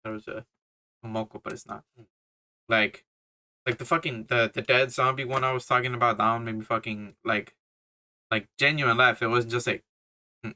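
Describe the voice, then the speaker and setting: A young man reviews a movie in a loose, rambling way, swearing often and piling on fillers and slang. His voice is bright and forward, at a middle pitch. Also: level tone, moderate pace, long pauses. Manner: swears a lot, laughs, filler-heavy slang.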